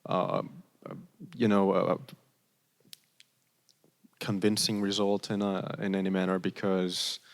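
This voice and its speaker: A man's voice: deep voice, little pitch movement, slow, creaky, long pauses. Hesitant man asking from a reverberant hall. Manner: hesitant, many fillers. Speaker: audience member asking a question.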